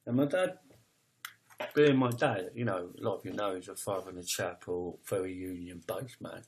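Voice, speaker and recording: Speaking low and with a darkish tone, a man in his fifties delivers a confessional account of his life as a poet. He is raw and emotional, halting and restarting, and swears bluntly, with slight background noise present.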